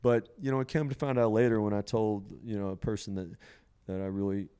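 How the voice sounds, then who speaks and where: A man with a smooth, clean voice that sits a little low, telling a long personal story at an easy conversational pace. He rambles, leans on "you know" and laughs along the way. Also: fairly even intonation, a little fast, warm tone. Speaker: podcast guest sharing a psilocybin experience.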